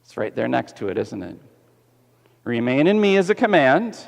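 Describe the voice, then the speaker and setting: A man preaching a sermon as pastor, animated and putting questions to the congregation, kids included. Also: medium pitch, normal speed, gravelly, muffled recording. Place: church sanctuary. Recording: echoey church hall.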